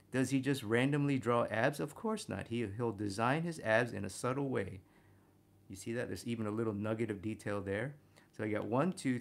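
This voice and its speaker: Energetic gravelly man teaching drawing. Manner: energetic, punctuates points with "boom". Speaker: art instructor. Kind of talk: drawing lesson, talking through a study.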